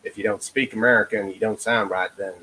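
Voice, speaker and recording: A man's voice: fairly low pitch, steady tone, fairly quick, sharp tone, rough recording. A man, an actor guest on a casual livestream, explaining things in a rambling way with frequent restarts.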